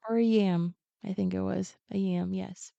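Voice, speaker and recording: A woman chatting casually as a podcast guest, retelling a picture book in an animated way and playing the characters' lines in quick asides. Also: mid-range voice, creaky, no echo, highs cut off.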